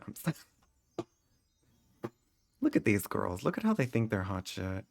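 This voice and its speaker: A man streaming a game live, talking back to his chat in a sassy, theatrical way, his voice leaping high when he exclaims. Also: big pitch swings, slow pace, gravelly, darkish tone.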